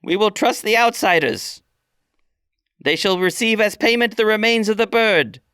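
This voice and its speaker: A commanding old orc matriarch, voiced by a man, measured and formal, pitched well above his own voice. She sounds close and dry, with a bright, clean tone. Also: clear, resonant tone, dry recording. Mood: stern. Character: stern old orc woman, tribal elder.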